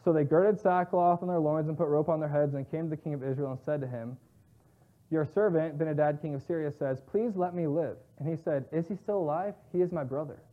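A man with a somewhat high voice teaches from scripture in a relaxed, chatty way, reading verses and then retelling them in plain slang. The sound is thin and narrow, as if heard over a phone line. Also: brisk. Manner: conversational, paraphrases scripture in everyday slang. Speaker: Bible teacher. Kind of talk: casual Bible teaching.

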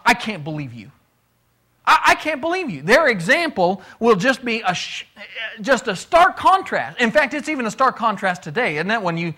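A man's voice: high-pitched, sharp tone. A middle-aged man teaching a casual Bible class lesson, talking conversationally and putting questions to the class.

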